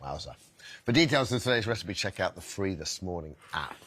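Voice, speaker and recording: Playful fast low-voiced TV presenter man. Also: expressive, fairly bright tone, slightly rough, dry recording. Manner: playful, quick. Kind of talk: morning TV chat.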